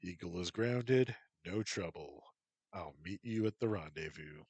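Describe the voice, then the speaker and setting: A man's voice: low voice, lively intonation, a little slow, darkish tone, slightly rough, dry recording, exaggerated voice. A man voicing a cocky young male supervillain thief who mocks his foe. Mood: cool. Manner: taunting, mocking.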